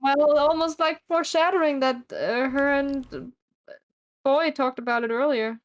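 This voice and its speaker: Slightly high-voiced woman co-reading narration. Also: fairly even intonation, unhurried. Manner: reads the narration lines plainly, with wry asides. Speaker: guest co-reader. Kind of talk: casual live read-along chat.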